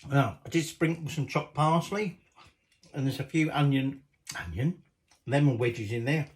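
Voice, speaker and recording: A man's voice: medium pitch, unhurried, rough recording. A man chatting cheekily while cooking in his home kitchen, swearing casually as he goes. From Britain.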